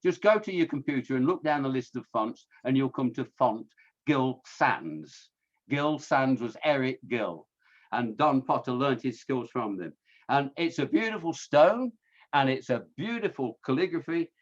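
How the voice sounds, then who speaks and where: A man's voice: medium pitch, expressive, normal speed, highs cut off. A man giving an informal illustrated history talk, chatty and self-correcting, with wry asides. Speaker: local history speaker.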